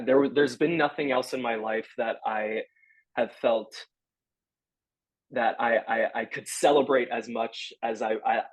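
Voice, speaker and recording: Halting young man in a dry room. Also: medium pitch, dry recording, poor audio. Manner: halting, earnest, searching for words. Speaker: stage actor guest. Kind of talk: interview answers.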